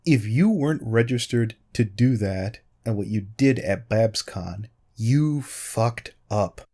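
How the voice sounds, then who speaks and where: A man's voice: lowish voice, expressive, takes it slowly, dark tone. A man in a commentary video, sarcastic and pointed, arguing directly at the person he answers. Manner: sarcastic, pointed, repeatedly addressing his target by name. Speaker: YouTube commentator responding to a critic.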